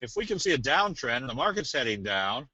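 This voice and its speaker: A man presenting a casual trading webinar, talking in a folksy, rambling way and slipping into a sales pitch. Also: big pitch swings, brisk, sharp tone, no room sound, muffled recording. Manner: folksy, rambling, tells jokes.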